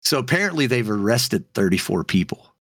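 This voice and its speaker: A man's voice: lowish voice, sing-song, brisk, a bit bright, no room sound, clean studio sound. A man co-hosting a podcast, ranting heatedly in casual chat with frequent fillers. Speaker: podcast co-host.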